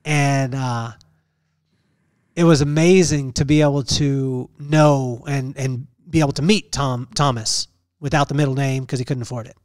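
A man's voice: mid-range voice, fairly even intonation, moderate pace, darkish tone, dry recording. Earnest male podcast host, dry sound. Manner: earnest, preacher-like, repeats phrases. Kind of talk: emotional personal storytelling.

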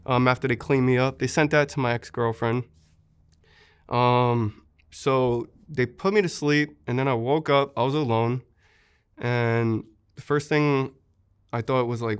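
A man's voice: mid-range voice, smooth. A young man, a war veteran, earnestly recounting how he was wounded, in an interview, with many fillers.

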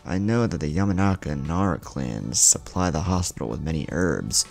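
Deadpan young woman ninja, deep gravelly read, man narrator voicing her. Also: moderate pace, faint music behind, heavily acted.

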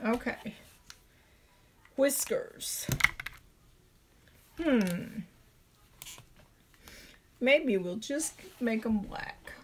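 A middle-aged woman with a Southern drawl hosts a homemade craft tutorial. Her voice sits a little high, and she chats along as she works, thinking aloud about each step. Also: expressive, extremely slow, pauses often, a little hiss or hum. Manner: chatty, thinks aloud while drawing. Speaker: craft video host.

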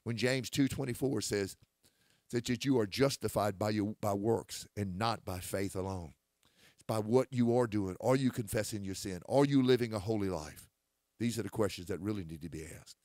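A man preaching a critical sermon, quoting scripture and building to forceful outbursts. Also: on the low side, moderate pace, no room sound, studio quality.

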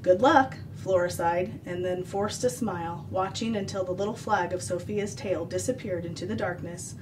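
A woman reading a children's novel aloud as the show's regular reader, expressive. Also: fairly low pitch, normal speed. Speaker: story reader. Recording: distant mic, faint noise.

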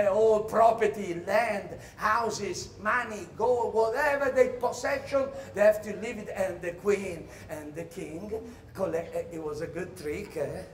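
A man with an Italian accent performing a comic theatre monologue in English, storytelling animatedly with sudden shouted cries. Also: unhurried. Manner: animated storyteller, bursts into high shouted cries, laughs through lines. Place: theatre stage. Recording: roomy hall echo.

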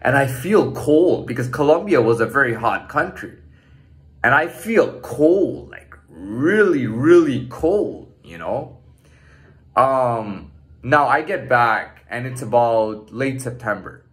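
Lively, profane man in his thirties. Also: mid-range voice, slow pace. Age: 30s. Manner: loose and profane, full of "like" and "man" fillers. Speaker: storyteller recounting his own past. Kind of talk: casual personal storytelling monologue.

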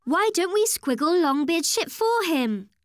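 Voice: very high voice, very animated, background noise, full character voice. A performer voicing a friendly young monster who guides children through drawing, step by step. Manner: cheerful, slow step-by-step drawing instructions. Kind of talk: children's cartoon voice acting.

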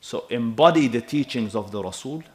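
A man in his thirties preaching a sermon in an animated, emphatic way, often checking with his listeners. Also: medium pitch, normal speed. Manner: animated and emphatic, with asides to the audience.

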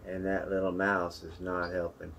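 A man giving chatty, joking live commentary as a zookeeper during a snake feeding, with sudden loud playful outbursts. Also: low voice, completely flat delivery, moderate pace, a little hiss or hum, poor audio.

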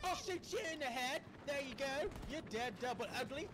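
Furious trash-talking man gamer, high voice. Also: animated, brisk. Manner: furious, profane taunting. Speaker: gamer playing with his wife. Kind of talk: angry trash talk during gameplay. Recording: loud game noise behind.

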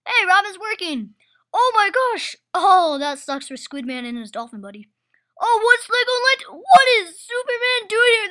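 Excitable high-voiced woman commentator. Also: moderate pace. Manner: excited, exclamation-heavy commentary. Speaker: race commentator. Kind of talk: home-video toy race commentary.

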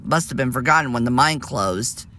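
A man doing a brisk delivery locomotive. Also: mid-range voice, animated, bright, forceful tone, slight background noise. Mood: businesslike.

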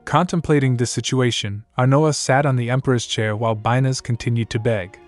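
A man narrating a story recap in a steady, plain manner. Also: medium pitch, fairly quick, hardly any pauses, no echo, faint music behind.

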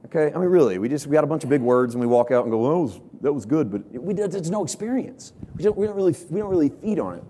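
A man preaching a sermon as a pastor, telling the story playfully and rising to shouts at its peaks. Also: a little high, expressive, racing, few pauses, a little hiss or hum.

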